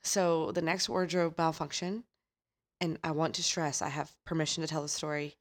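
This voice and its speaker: A woman co-hosting a podcast, telling a story in an animated, chatty way, often laughing and swearing casually. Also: low voice, moderate pace. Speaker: podcast co-host.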